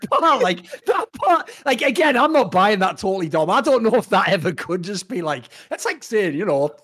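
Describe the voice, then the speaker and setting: A British man co-hosting an esports chat, ranting in a profane, animated way. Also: high-pitched, moderate pace. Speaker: esports co-host. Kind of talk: casual podcast chat.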